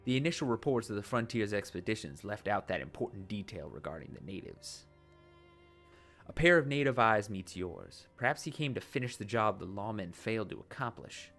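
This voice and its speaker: Here a man with a lowish, fairly bright voice reads a text adventure game expressively and fairly quickly in an affected accent. Soft music sits underneath as he switches between dramatic narration and casual asides to viewers.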